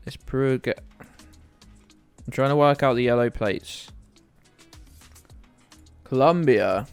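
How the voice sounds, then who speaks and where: A man's voice: mid-range voice, takes it slowly, clean tone, no echo, soft background music. A man from the UK chatting casually and rambling to viewers while streaming a game, often joking at his own expense. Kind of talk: casual live-stream commentary.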